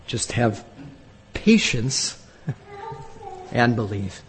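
A man preaching a sermon as a pastor, emphatic and rising to loud exclamations. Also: mid-range voice, animated, moderate pace, noisy background. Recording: echoey hall from a distance.

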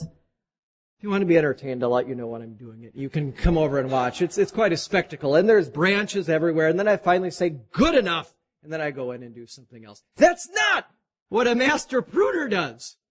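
Pastor, man, husky and a touch high-pitched, lively sermon delivery. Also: brisk. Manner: animated preaching, voice climbing high when voicing God.

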